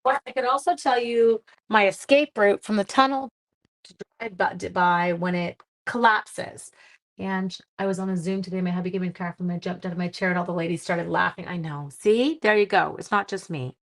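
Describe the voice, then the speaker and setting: A middle-aged woman hosting a casual live craft class, chatty and quick to laugh at herself. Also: medium pitch.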